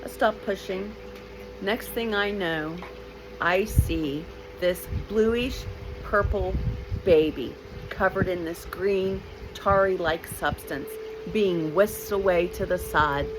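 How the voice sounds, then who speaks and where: A woman in her fifties telling a personal story in a lively, blunt way, with emotional asides to the listener. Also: lowish voice, slow, background noise.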